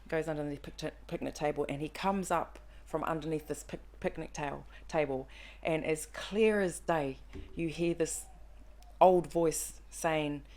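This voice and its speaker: A woman in her thirties talks on a casual podcast, her voice sitting low. She tells a personal story with animation and acts out the quotes along the way. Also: darkish tone. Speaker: podcast guest.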